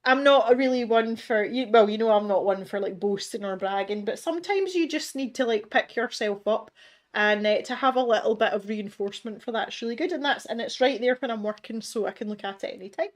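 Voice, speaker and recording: Scottish woman, middle-aged, slightly high voice, chatty, self-deprecating, laughs a lot, home art studio. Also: a little fast. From Scotland. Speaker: art livestream host. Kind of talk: casual livestream chat reading viewer comments.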